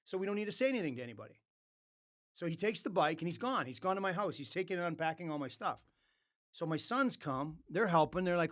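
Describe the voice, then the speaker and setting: A man's voice: on the high side, fast. A man telling a long story as a podcast guest, acting out the dialogue of others and swearing freely. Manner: animated, acts out quoted dialogue, swears freely. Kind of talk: casual storytelling.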